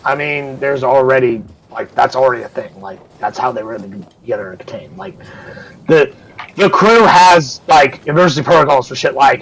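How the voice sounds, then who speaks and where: A man's voice: medium pitch, expressive, brisk, fairly bright tone, slightly rough, poor audio. A man running a tabletop game as game master, narrating casually and swearing freely. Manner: casual, swears freely, acts out crew voices.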